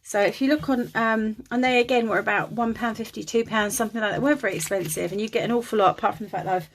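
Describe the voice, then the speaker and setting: Tired, slightly breathless woman, higher voice, chatty crafting vlogger, apologetic and full of ums, phone recording at home with faint hiss. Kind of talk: casual chat to camera. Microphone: phone on a holder.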